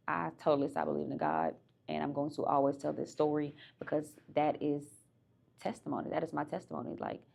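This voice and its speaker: A woman's voice: low-pitched, gravelly, a little mellow, highs cut off. A young woman hosting her own podcast, speaking candidly and conversationally as she reflects on her life. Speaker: podcast host. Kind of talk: reflective personal monologue.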